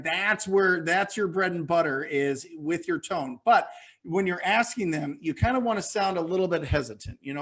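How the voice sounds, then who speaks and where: A man coaching real estate investors in a webinar Q&A, energetic and motivational, often repeating phrases for emphasis. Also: on the high side. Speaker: real estate wholesaling mentor, webinar guest.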